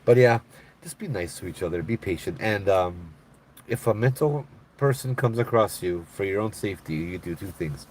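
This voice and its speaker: A middle-aged man with a Hawaiian Pidgin-tinged accent, chatting casually on a live stream and telling stories, laid-back and animated when he quotes people. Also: low voice, normal speed, slight background noise. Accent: Hawaiian Pidgin-tinged English. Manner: laid-back, animated when quoting others, laughs often. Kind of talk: casual live chat storytelling.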